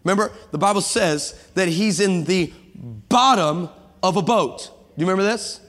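A man preaching an energetic sermon as a guest pastor, acting out voices and calling out to the congregation. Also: high-pitched, normal speed. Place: church sanctuary with long reverb. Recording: reverberant church hall.

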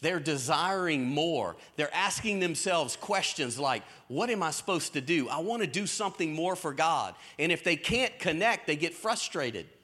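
A man preaching a sermon in a lively storytelling way, with folksy Southern phrasing. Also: on the high side, normal speed, few pauses. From American South. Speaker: pastor. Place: church stage.

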